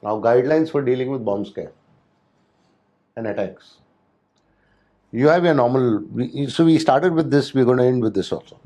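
A hospitality security instructor lectures on hotel safety and security in a mellow, medium-pitched voice, though the audio is poor. His talk is loose, with frequent restarts and fillers.

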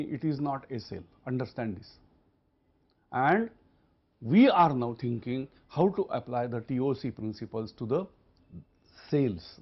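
A man lectures in a high voice, hammering home each point and circling back to it again and again. He poses rhetorical questions to his listeners. The recording sounds muffled and lo-fi. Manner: emphatic, repeats key points, asks rhetorical questions. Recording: dull lo-fi recording.

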